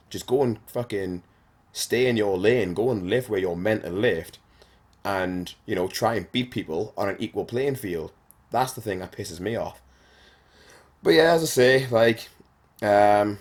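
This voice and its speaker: A man, talking casually and bluntly as a podcast host, swearing often and filling pauses with "like". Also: lowish voice. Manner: blunt and sweary, frequent fillers. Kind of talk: casual monologue.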